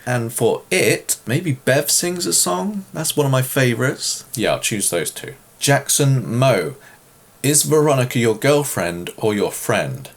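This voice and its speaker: A man's voice: mid-range voice, very animated, measured pace, gravelly. A man from England with an English accent, chatting casually as he answers viewer questions, joking and self-deprecating. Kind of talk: casual Q and A chat.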